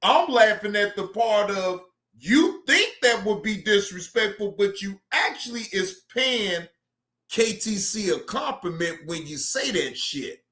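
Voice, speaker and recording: High, bright-voiced man hosting a live stream. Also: expressive, measured pace, reverberant. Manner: laughs often, swears freely, repeats himself. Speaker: live-stream reaction host. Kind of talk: casual live-stream commentary.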